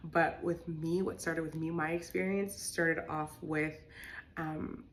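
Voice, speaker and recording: Chatty young woman, slightly low voice. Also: slow pace, slight background noise. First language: bilingual English and Spanish. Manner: chatty, lots of "like" and fillers, animated when excited. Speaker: vlogger recounting her experience. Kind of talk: casual storytelling.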